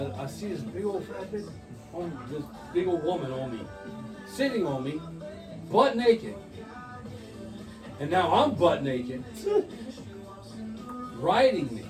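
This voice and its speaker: A man in his forties telling crude stories to friends over drinks, animated and laughing through them. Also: fairly high pitch, measured pace, long pauses, echoey room. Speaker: storyteller. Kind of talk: casual storytelling among friends. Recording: distant mic with music behind. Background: music playing.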